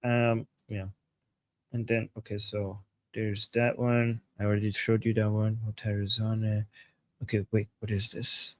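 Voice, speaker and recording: A man's voice: on the low side, monotone, normal speed, a little mellow, dry recording. A man from Iran co-hosts a live stream, explaining and translating clips in a dismissive, explanatory manner. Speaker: co-host.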